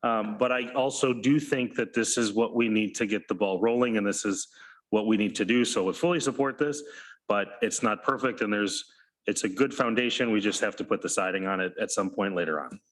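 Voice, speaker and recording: A man's voice: fairly low pitch, fairly quick, rough recording. A man legislator speaking in a meeting with a cough drop in his mouth, thoughtful and rambling. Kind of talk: meeting discussion. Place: council chamber.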